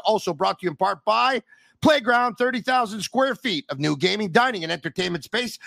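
Animated high-voiced sports podcast host. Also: male voice, creaky, no echo. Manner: animated, theatrical, playful. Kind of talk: energetic sports talk and live ad reads.

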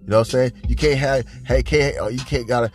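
A man spins a crude comic tale on his podcast, mid-pitched and full of swearing and bragging. His rambling delivery climbs higher and louder as the story heats up. Faint music plays underneath. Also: steady tone, fast talker. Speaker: podcast host.

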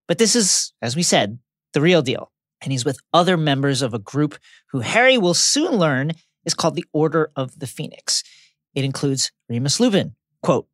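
Lively man recapping a story. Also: fairly high pitch, normal speed, no room sound, clean studio sound. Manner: dramatic, lively retelling with acted quotes. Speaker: podcast co-host. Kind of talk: podcast book recap, read from a script.

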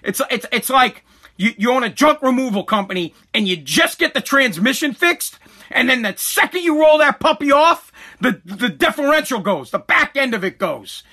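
This man, who makes content online, delivers a furious rant to camera full of repetition and cursing. He speaks at a normal pace in a very high, expressive voice that sounds pushed and bright.

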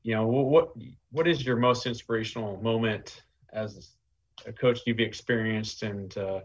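Man, podcast host, husky, halting question, dull lo-fi sound. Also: on the low side, fairly even intonation. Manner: halting, searching for words. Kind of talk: interview question. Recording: husky voice, muffled, a bit off-mic.

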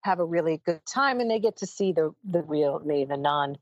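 An American woman in her fifties chatting as a guest in an interview, animated and emphatic, often laughing. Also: low voice, normal speed, no room sound, highs cut off. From United States. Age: 50s. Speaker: guest judge. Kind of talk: casual interview chat.

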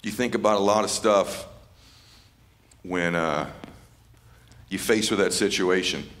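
A man's voice: low voice, unhurried, fairly bright tone. A man giving a live motivational speech at an event, fervent and repeating phrases for emphasis. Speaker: motivational speaker.

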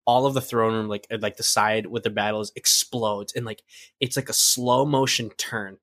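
A young man co-hosting a podcast, retelling a scene in an excited, rambling way full of fillers. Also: fairly low pitch, moderate pace, no room sound, clean studio sound. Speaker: podcast co-host. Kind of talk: casual fan chat.

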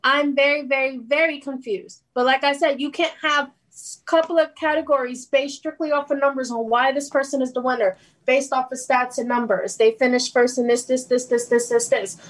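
A woman's voice: high-pitched, fairly even intonation, normal speed, hardly any pauses, low-quality recording. A woman co-hosting a casual sports podcast, ranting heatedly about an award and laughing between points. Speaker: podcast co-host.

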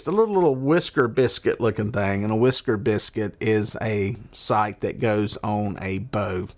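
A man with a Southern accent hosting a podcast in a loose, rambling monologue, folksy and full of filler words. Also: medium pitch. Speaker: podcast host. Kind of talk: casual monologue. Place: at a desk.

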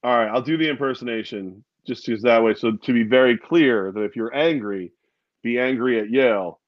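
A man's voice: medium pitch, moderate pace, no echo, lo-fi sound. A man co-hosting a podcast in casual chat, rambling through jokes and laughing often. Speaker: podcast co-host.

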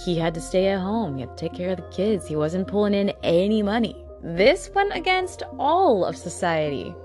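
Lively, sarcastic woman telling true crime. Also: medium pitch. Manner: blunt, sarcastic, swears in asides. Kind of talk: casual true crime narration.

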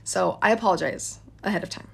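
A woman's voice: fairly low pitch, quick pace, vocal fry, breathy edge. A woman in her thirties telling a story in a casual, chatty way, addressing listeners as guys.

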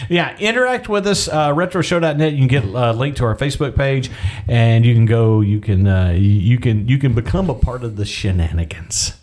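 A man's voice: mid-range voice, lively intonation, a little mellow. A man co-hosting a podcast in casual chat, joking and rambling as he talks. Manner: joking, rambling, quick to laugh. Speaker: podcast co-host.

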